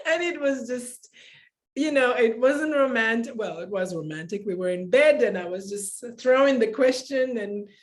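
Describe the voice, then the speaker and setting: A woman's voice: a little high, measured pace. A woman interview guest who tells personal stories in a casual, emotional way and often laughs as she talks.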